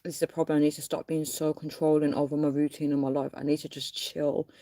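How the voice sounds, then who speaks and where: A woman with a slightly low voice chats casually to her viewers on a livestream from her phone. She talks in a loose, rambling way, keeps calling her audience guys and laughs often. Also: little pitch movement, fast talker, dark tone. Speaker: livestream host.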